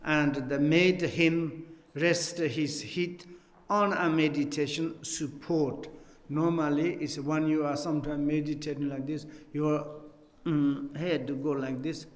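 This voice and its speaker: A man gives a Buddhist teaching at a very slow pace, his voice pitched a little high. His English is halting and non-native, full of restarts, and he jokes with his listeners. The hall is echoey, and a long reverb trails after his words. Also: steady tone. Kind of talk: teaching on a text, telling a story.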